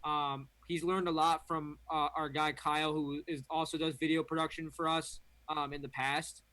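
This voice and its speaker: A man's voice: on the high side, level tone, normal speed, sharp tone, dry recording. A young man, a company founder, talking in a casual and enthusiastic way as an interview guest. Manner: upbeat, enthusiastic, filler-heavy. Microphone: remote stream.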